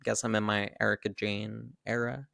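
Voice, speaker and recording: A man's voice: on the low side, flat delivery, moderate pace, gravelly, noisy background. A man co-hosting a podcast in casual chat, with a laid-back way of talking. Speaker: podcast co-host.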